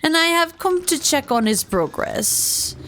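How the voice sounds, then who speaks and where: A woman's voice: high-pitched, sing-song, unhurried, bright, forceful tone, slight background noise, voice pushed up, heavily acted. A woman voicing a shrewd, aloof adult nobleman in a put-on accent for a story game.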